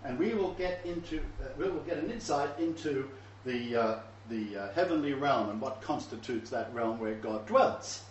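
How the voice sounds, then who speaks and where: A man's voice: mid-range voice, expressive, normal speed, hardly any pauses, slight background noise. A man giving a Bible lecture to a live class, reading verses and adding chatty asides with small chuckles. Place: lecture room. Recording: roomy, distant, dull lo-fi room recording.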